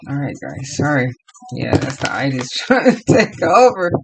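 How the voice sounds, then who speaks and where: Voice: medium pitch, big pitch swings, moderate pace, noisy background. A tarot reader from Los Angeles giving a casual, rambling reading to viewers and laughing often.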